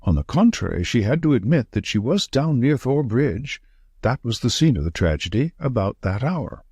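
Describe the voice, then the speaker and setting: A shrewd, dry-witted Victorian detective, read by a man in an audiobook, who weighs each point with wry emphasis. The voice rises and falls in a lively way, with a husky edge. It sounds close and dry. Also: medium pitch, moderate pace, no room sound. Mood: musing. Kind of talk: audiobook reading.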